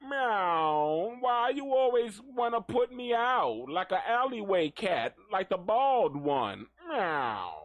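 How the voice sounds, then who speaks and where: A man's voice: high-pitched, big pitch swings, slow, few pauses, no room sound, narrow, tinny audio, pitched above the performer's own voice, exaggerated voice. A man voicing a whiny, hungry, bald female alley cat that mews and complains, as a bit on a live gossip show. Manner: mewing, whining.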